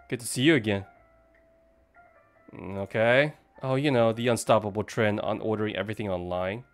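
A man's voice: on the low side, fairly quick, soft background music. A man streaming a game, chatting to viewers and reacting to what happens on screen. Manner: chatty, talks to chat and game characters, startles easily. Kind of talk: live game stream commentary.

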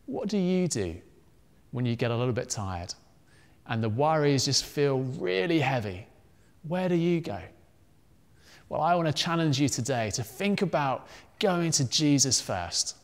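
A man giving an animated children's talk at a family worship service, telling a story and acting out the voices in it. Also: on the high side, a little slow, long reverb tail. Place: church.

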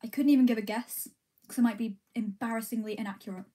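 A woman's voice: on the high side, steady tone, fast talker, mellow. A young woman chatting casually on a livestream while eating ice cream, reading comments and answering in a rambling, giggly, self-deprecating way. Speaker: streamer.

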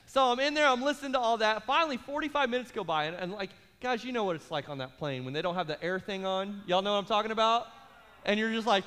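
A pastor preaching a sermon, telling a comic story with acted-out voices before turning calm and earnest. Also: male voice, high voice, fast talker. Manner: animated storyteller, acts out voices, later calm and earnest in prayer. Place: large church auditorium. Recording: live church hall reverb with faint music.

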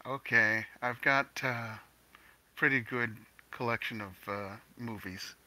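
A man playing in a tabletop game, joking in a deadpan way. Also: medium pitch, slow, no room sound, rough recording. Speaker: player. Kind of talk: tabletop role-play chat.

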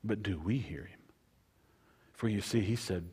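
A man delivers a sermon in a husky, slightly low voice. He leans on repetition, building phrases up loudly and then letting them fall to a near hush. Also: measured pace, pauses often. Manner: preacher cadence, repetitive, swings from loud to hushed. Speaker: pastor.

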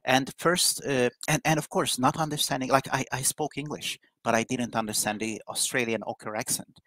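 A man's voice: medium pitch, steady tone, moderate pace, a bit bright, dry recording, poor audio. A man from Hungary, a guest in a live interview, speaking candidly with frequent restarts. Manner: repetitive restarts, chatty and candid. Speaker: guest, IT professional.

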